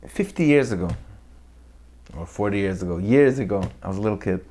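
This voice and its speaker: A man's voice: fairly low pitch, a little fast. A man giving a weekly Torah talk, telling stories animatedly and acting out the people in them. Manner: animated storyteller who acts out the people in his tales. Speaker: Torah teacher.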